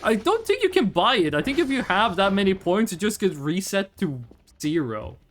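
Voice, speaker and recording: A man's voice: sits high, sing-song, moderate pace, a bit bright, slight background noise. A man in his twenties chatting casually and profanely with his chat while streaming a game. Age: 20s. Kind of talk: casual live game commentary.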